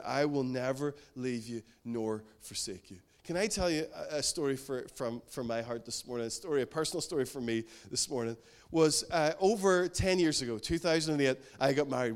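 A man's voice: mid-range voice, fairly quick. A man preaching a sermon in an earnest, emphatic way, repeating key phrases.

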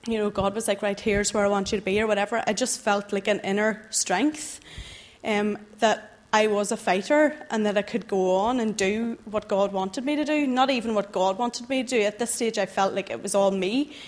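A young woman, giving an earnest, halting personal testimony to a church group, emotional as she tells it. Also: medium pitch.

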